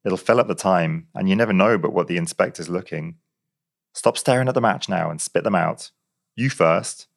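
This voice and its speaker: A man voicing a gruff, blustering male policeman who growls and lectures in a pompous, bossy way. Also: low voice, moderate pace.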